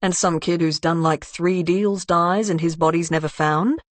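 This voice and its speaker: Brief: narrator doing a tough, foul-mouthed young woman in an audiobook, blunt and heated, low-ish voice. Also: fairly even intonation, normal speed, no room sound, close to an everyday voice.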